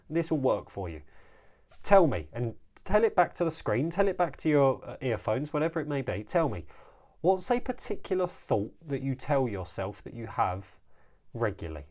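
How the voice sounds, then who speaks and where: Lively, animated male life coach. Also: medium pitch. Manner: energetic, coaching the listener directly with quick restarts. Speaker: life coach and podcast host. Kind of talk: solo coaching podcast talk.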